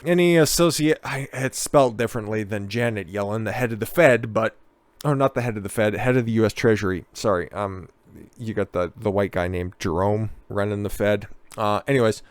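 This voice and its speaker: A man's voice: fairly low pitch, fairly quick, no echo. A man ranting sarcastically about politics in a casual, profane, dismissive way. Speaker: political commentator.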